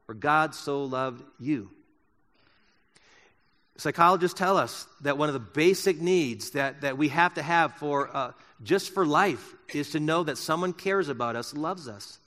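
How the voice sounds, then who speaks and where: Bright-voiced preacher in an echoing hall. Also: male voice, fairly high pitch. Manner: impassioned preaching, swinging from loud emphasis to soft and slow. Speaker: pastor. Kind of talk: sermon. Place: church sanctuary.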